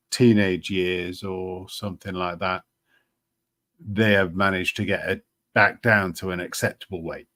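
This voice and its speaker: A man hosting a live stream, chatting casually with many ums and restarts. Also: lowish voice. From Britain. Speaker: livestream host.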